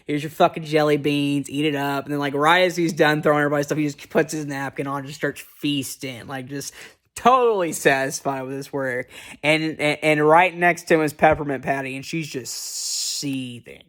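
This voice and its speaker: A man's voice: on the high side, normal speed, fairly bright tone. A man casually recapping a cartoon special, rambling and cursing freely. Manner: rambling, profane, lots of fillers and restarts. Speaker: movie reviewer.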